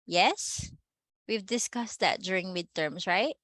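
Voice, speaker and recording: A woman's voice: medium pitch, takes it slowly, fairly bright tone, no room sound. A woman with a Filipino accent teaching a Spanish class, often checking in with "no?" and "okay?" and slipping in Tagalog phrases. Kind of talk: online class lecture.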